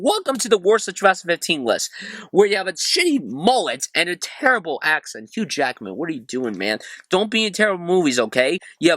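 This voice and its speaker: Man in a casual film-review vlog, sarcastic and animated, bright forceful voice, dry cramped closet. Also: high-pitched, no room sound. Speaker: film reviewer, channel host.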